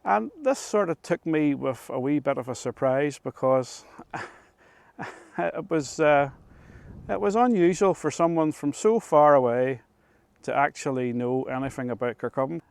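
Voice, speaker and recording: A middle-aged man with a Northern Irish accent telling a story to camera in an unhurried, chatty way, often restarting his phrases. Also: fairly high pitch, vocal fry, clear, resonant tone, no echo. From Northern Ireland. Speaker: vlogger. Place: rooftop of an old control tower, outdoors.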